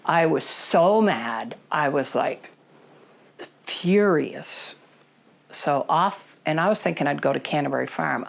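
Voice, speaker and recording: A woman's voice: low voice, slow pace, vocal fry, breathy edge. A middle-aged woman telling her personal recovery story in an interview, candid and emotional, with many fillers.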